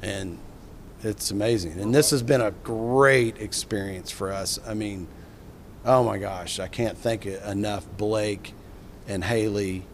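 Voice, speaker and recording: An excited, rambling middle-aged man telling a story. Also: on the low side, a little slow, a little hiss or hum. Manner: enthusiastic, rambling, with repeated restarts. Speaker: filmmaker. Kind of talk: animated storytelling in an interview.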